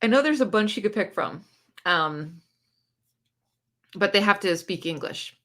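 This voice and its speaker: A woman's voice: mid-range voice, lively intonation, measured pace, pushed and bright. A woman hosting a casual livestream about books, chatting loosely, laughing often and reacting to viewer comments. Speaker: book channel host.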